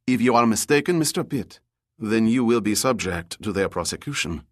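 A man's voice: on the low side, lively intonation, moderate pace, dry recording, clean studio sound. A man voicing a disdainful, stern male ship captain who speaks in a clipped, formal way.

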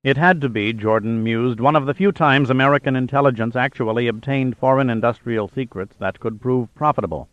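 A man reading a thriller audiobook in a measured, even narration. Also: medium pitch, no echo, lo-fi sound. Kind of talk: scripted narration.

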